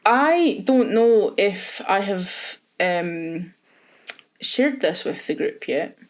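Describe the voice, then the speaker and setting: A woman's voice: mid-range voice, lively intonation, drawn-out words. A woman with a middle-range voice chats casually as a co-host. She jokes around and keeps the tone playful. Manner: playful, joking. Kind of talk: casual chat.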